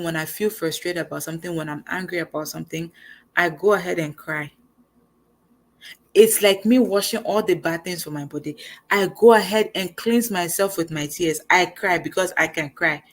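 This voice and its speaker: A young woman talks straight to her audience in a casual motivational chat. Her voice sits a little low, and she speaks in an animated, conversational way. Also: normal speed. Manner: animated, conversational, acts out quoted lines. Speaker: host.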